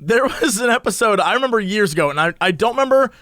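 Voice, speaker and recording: High-voiced playful man, dry recording. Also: animated, bright, forceful tone, dry recording. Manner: playful, teasing, quick questions. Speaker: podcast co-host. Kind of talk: casual chat.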